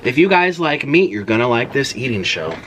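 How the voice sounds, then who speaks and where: A woman's voice: a bass voice, big pitch swings, normal speed, a bit bright. A young woman hosting a casual eating-show vlog, gasping and exclaiming as she talks. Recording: noisy home recording.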